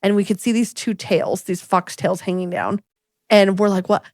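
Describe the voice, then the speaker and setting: A woman's voice: normal speed, no room sound, studio quality. A woman in her forties co-hosting a podcast, telling a story in casual chat and acting out the quotes. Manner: animated storyteller, acts out quotes with big pitch jumps. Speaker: podcast co-host.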